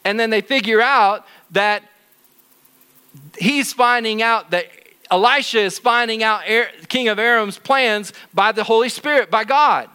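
A middle-aged man teaching in church, telling a Bible story to children in an animated, jokey way. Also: sits high, unhurried, clear, resonant tone.

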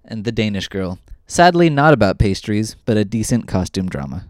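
A man co-hosts a podcast in casual, rambling chat, sounding enthusiastic and a little self-deprecating. His voice is fairly low and darkish, with a sing-song lilt at a moderate pace. The recording is studio quality and dry, with no room sound.

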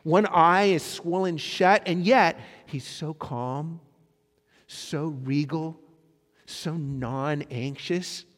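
Male pastor, slightly high voice, dynamic sermon delivery, long church reverb. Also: extremely slow. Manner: dynamic preaching, swinging between loud emphasis and soft hushed lines.

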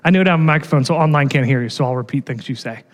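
A man's voice: medium pitch, racing, in a large hall. A male pastor giving a sermon in a casual, conversational way, often checking in with "right?" and stumbling over repeated words.

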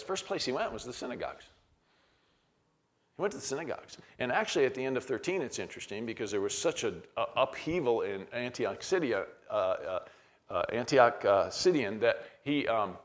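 A middle-aged man with a mid-range voice teaches a Bible class conversationally, reading verses aloud and frequently restarting.

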